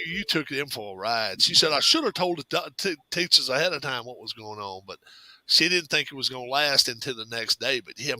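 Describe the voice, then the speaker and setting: A man's voice: mid-range voice, pushed and bright, dry recording, poor audio. A man telling a funny childhood story in a casual chat, drawling and acting out what others said. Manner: drawling, laughing storyteller who acts out quotes.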